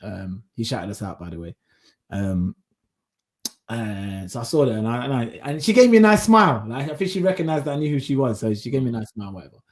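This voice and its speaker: A man in casual chat on a podcast, mid-pitched and easygoing. He tells anecdotes with energy, acting out what each person said. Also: fast talker. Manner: animated storytelling, acts out quotes. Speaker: podcast co-host.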